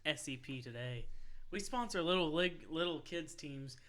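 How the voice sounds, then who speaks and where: Laughing, profane young podcast host. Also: male voice, fairly high pitch, normal speed, background noise. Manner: profane, laughing, animated storytelling. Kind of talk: casual sports podcast banter.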